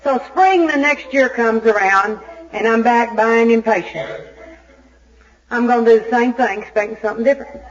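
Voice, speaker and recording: A woman from Arkansas gives a recovery meeting talk as an Al-Anon speaker, telling her story in an animated, self-mocking way. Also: on the high side, moderate pace. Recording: dull lo-fi tape recording.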